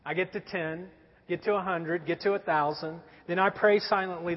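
A man's voice: sits high, steady tone, moderate pace. A man in his forties, a pastor telling a story in a sermon with a conversational, wry humor. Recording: dull sound with long hall reverb.

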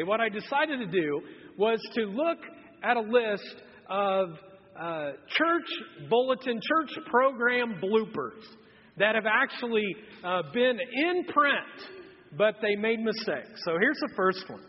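A man in his thirties preaching a humorous sermon, telling a self-mocking story in an animated way. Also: sits high, slow, long reverb tail, lo-fi sound. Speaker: pastor. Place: church auditorium.

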